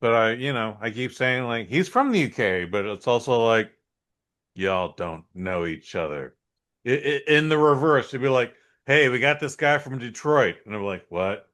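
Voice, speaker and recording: A man's voice: mid-range voice, animated, normal speed, fairly bright tone. A young man, chatting casually as a podcast co-host, rambling and swearing as he acts out little scenes. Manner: rambling, swearing, plays out scenes in quoted voices. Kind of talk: casual chat.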